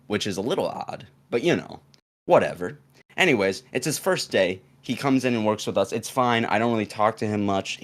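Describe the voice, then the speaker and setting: A young man casually telling a long story on a podcast, rambling with fillers and restarts and acting out the quoted lines. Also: on the low side. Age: young adult.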